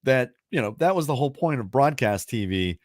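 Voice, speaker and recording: Speaking briskly and animatedly in a mid-range voice, a radio host rambles through some casual chat and then reads a trivia question aloud. The studio sound is clean, with no room sound.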